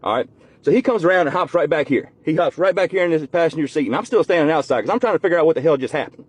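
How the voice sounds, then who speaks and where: A man's voice: lively intonation, very fast, dry recording. Folksy man telling a story. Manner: folksy, swears casually, voice drops low and soft when moved. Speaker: storyteller uncle. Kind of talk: casual spoken storytelling.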